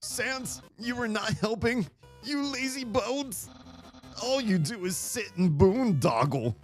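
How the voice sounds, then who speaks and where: A man's voice: expressive, slow pace, faint music behind. A man voicing a bossy, nagging skeleton brother in a nasal, scolding voice. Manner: shrill scolding, drawn out.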